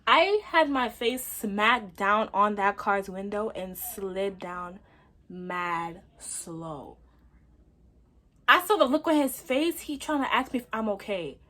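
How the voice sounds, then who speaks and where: A young woman tells a story into her phone at home. She is animated and slangy and talks straight to her viewers in an easy storytime chat. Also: medium pitch, takes it slowly. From Brooklyn, New York. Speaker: vlogger. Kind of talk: casual storytime.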